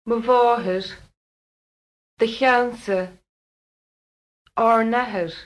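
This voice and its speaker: A woman reading single example words slowly and deliberately for a pronunciation lesson. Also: a little high, fairly even intonation. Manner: slow, deliberate word-by-word reading. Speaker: pronunciation model speaker.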